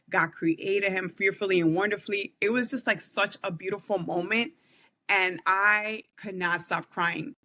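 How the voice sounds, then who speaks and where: A woman's voice: mid-range voice, sharp tone. A woman who is a podcast guest, telling an emotional personal testimony in an earnest, heartfelt way with frequent "like" fillers.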